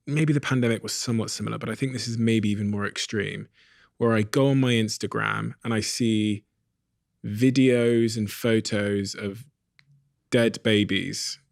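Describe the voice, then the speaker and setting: A man hosting an interview, speaking thoughtfully and haltingly as he searches for his words. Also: lowish voice, gravelly, no echo, studio quality. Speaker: podcast host. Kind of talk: reflective interview questions.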